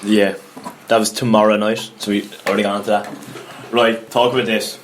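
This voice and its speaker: A young man with an Irish accent, co-hosting a casual podcast and telling animated stories, laughing as he goes. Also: on the low side, fairly quick, slight background noise. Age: young adult. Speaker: podcast co-host. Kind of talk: casual storytelling chat.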